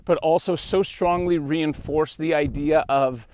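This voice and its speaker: Young Canadian man, podcast host, storytelling monologue, lively, higher-pitched read. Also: measured pace, slight background noise. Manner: animated, acts out quoted dialogue.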